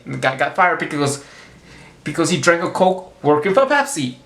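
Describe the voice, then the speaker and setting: A man with a fairly high voice rambles through a comic monologue, stopping and restarting his thoughts constantly. The recording rings with the echo of a bare room. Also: big pitch swings, a bit bright. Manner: halting, rambling with many restarts. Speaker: vlogger.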